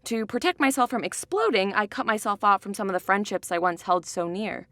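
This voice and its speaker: A young woman playing a sarcastic, angry high school girl, narrating and acting in a student film. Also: expressive, fairly quick, fairly bright tone, natural voice. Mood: reflective. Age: young adult. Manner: sardonic, bitter.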